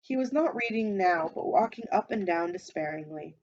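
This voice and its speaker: A woman reading a classic novel aloud in an even, measured storytelling manner, stopping now and then to comment. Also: fairly low pitch, dull audio, slight background noise. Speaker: reader.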